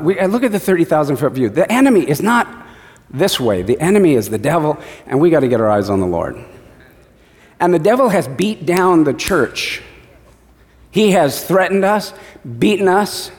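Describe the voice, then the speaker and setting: Animated male preacher in a reverberant hall. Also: a little high. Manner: animated storytelling preacher, acting out quotes. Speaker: pastor. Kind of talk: sermon.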